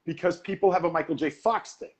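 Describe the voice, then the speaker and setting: A man's voice: sits high, fast talker, rough recording. A man hosting a casual interview, chatty and eager with his questions. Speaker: host.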